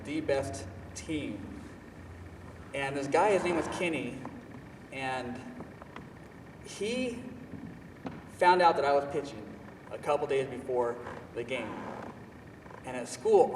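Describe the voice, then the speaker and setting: Animated man telling a story in an echoey hall. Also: on the high side, noisy background. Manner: animated, self-mocking, emphatic. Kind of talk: personal storytelling talk. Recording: echoey hall, voice from far off, faint ambience.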